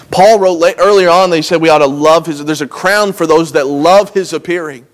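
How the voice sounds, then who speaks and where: Young male pastor, earnest conversational sermon delivery, voice a little higher than most men's. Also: a little fast, hardly any pauses. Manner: earnest, conversational preaching with frequent restarts and lively emphasis.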